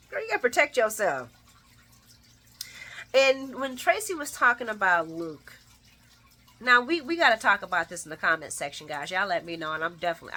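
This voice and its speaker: Woman, soap recap vlogger, chatty, slangy, animated pitch, bright tone. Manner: chatty and expressive, with slangy asides to viewers; laughs often while talking. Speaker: soap opera recap host. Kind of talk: casual recap commentary.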